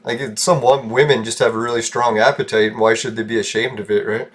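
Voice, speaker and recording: A man's voice: medium pitch, fairly even intonation, quick pace, fairly bright tone, husky. A young man rambling casually as a gaming streamer, with a mumbling voice, self-mocking asides and frequent chuckles. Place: home room with painted walls.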